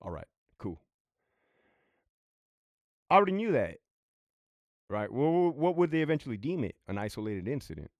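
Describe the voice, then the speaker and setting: A man's voice: mid-range voice, big pitch swings, fast talker, dry recording. A man who was a prison sergeant tells a story in a casual monologue, blunt and full of swearing. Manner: profane, blunt, conversational.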